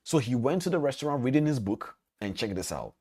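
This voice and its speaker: A man's voice: mid-range voice, brisk, slightly rough. A man teaching as a trading mentor, telling a parable and speaking directly to his listeners. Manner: animated storytelling, direct to listeners. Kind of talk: storytelling lesson.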